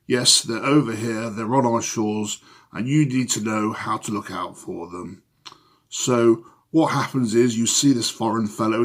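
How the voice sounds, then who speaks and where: A man playing a pompous older upper-class British gentleman, lecturing in a comedy sketch. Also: mid-range voice, breathy edge. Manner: blustering, pompous, patriotic lecturing.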